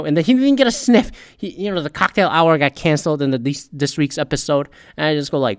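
A man's voice: a little high, fast, hardly any pauses, dry recording, studio quality. Profane, rambling man ranting. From Korean American. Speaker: podcast host. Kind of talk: casual ranting commentary.

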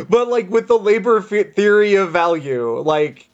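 A man's voice: high voice, animated, slow, lo-fi sound. A man in casual chat with friends, joking, rambling and laughing often.

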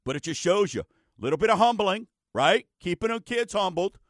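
Guy hosting his radio show, higher voice, folksy and chatty, dry close mic. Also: big pitch swings, a little fast, no echo. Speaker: radio show host, mortgage lender. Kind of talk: casual talk show chat.

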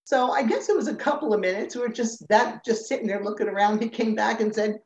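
A woman's voice: on the high side, fast, hardly any pauses, a little hiss or hum. An older woman, a former dancer, telling her story in an interview, acting out the people in it and laughing often. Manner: animated storyteller who acts out quoted voices and laughs often. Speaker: guest, former Rockette. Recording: roomy, slightly dull remote audio.

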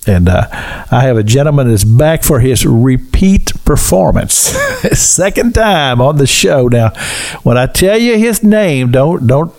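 A man with a Kentucky accent hosting a casual interview, chatty and quick to laugh, often repeating words. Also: medium pitch, sing-song, a little mellow. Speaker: host.

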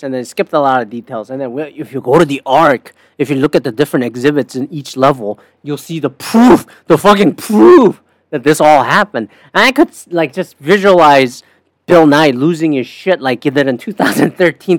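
A man's voice: on the high side, moderate pace, no room sound. A man hosting a podcast, telling a story in casual, sarcastic style, swearing often. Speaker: podcast host. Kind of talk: casual profane monologue.

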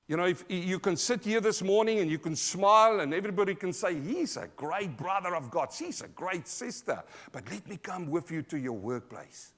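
A man with an Australian accent preaching a sermon live in church, emphatic, calling out to the congregation, swinging from loud to quiet. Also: sits high, lively intonation, normal speed, hardly any pauses. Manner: emphatic, call-and-response preaching. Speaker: pastor.

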